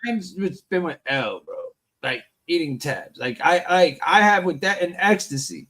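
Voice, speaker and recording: A man's voice: on the high side, big pitch swings, normal speed, fairly bright tone, no room sound. A man hosting a live stream, talking emphatically, swearing freely and reading viewers' comments aloud. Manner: emphatic, profane, reads chat comments aloud. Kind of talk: casual live-stream chat.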